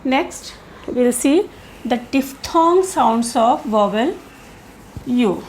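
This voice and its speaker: A woman giving a careful pronunciation lesson, explaining sounds slowly and modelling each one aloud. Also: on the high side, lively intonation, darkish tone, a little hiss or hum. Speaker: English teacher.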